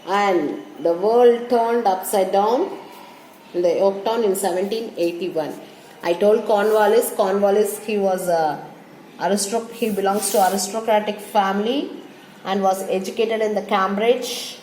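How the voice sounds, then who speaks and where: A woman teacher giving a history lecture, halting and restarting her phrases and repeating dates as she explains. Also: medium pitch, darkish tone. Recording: echoey room with faint hum.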